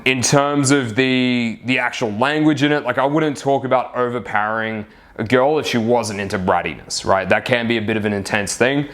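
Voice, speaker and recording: A man's voice: fairly low pitch, fairly bright tone. A man talking as a dating coach in a casual advice monologue, chatty, tagging his points with "right?" and swearing freely.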